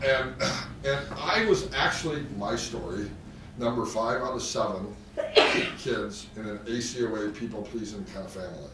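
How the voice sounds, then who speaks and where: Man lecturing from a distant, echoey mic. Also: mid-range voice. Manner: self-deprecating, joking asides. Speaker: therapy trainer. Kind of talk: live training lecture. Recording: echoey room, distant mic, faint noise.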